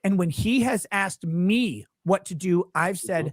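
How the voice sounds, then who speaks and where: A man's voice: sits high, unhurried, dry recording. A man ranting heatedly on a livestream, exasperated and swearing constantly as he defends himself. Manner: angry, exasperated, swearing heavily.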